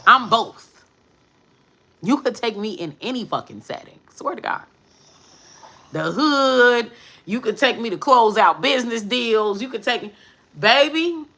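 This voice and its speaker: A woman tarot reader talking to her viewers in a brash, profane, sassy way, with emphatic bursts and quick muttered asides. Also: medium pitch, sharp tone, poor audio. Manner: emphatic, with sudden drops to mutters. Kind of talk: live tarot reading monologue.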